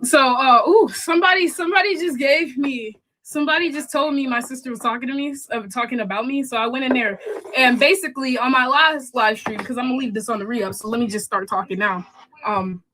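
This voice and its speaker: High-voiced woman ranting on her livestream. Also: fairly quick, pushed and bright, a little hiss or hum, rough recording. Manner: rambling, angry complaining. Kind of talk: livestream rant.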